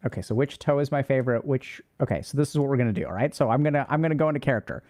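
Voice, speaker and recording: A man's voice: medium pitch, rapid-fire, darkish tone. A man hosting a casual livestream, reading out and answering chat questions in a loose, rambling way.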